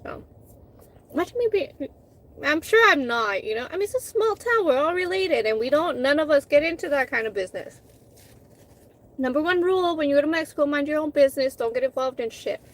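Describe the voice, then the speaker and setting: A woman's voice: high voice, animated, fairly quick. A woman in her thirties, a food vlogger, chatting casually while eating and telling a heated story candidly, with swearing, restarts and fillers.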